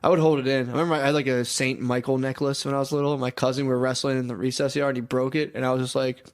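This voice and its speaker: A man co-hosting a podcast in casual chat, telling stories animatedly and acting out his younger self in whiny high voices. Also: level tone, very fast. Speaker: podcast co-host.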